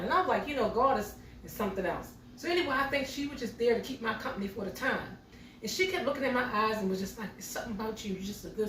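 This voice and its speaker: A woman's voice: a little high, a bit bright, slight background noise. Chatty middle-aged woman, roomy kitchen. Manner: chatty, talks straight to viewers as y'all. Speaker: home cooking vlogger. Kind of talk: casual storytelling while cooking. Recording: roomy sound from a distance.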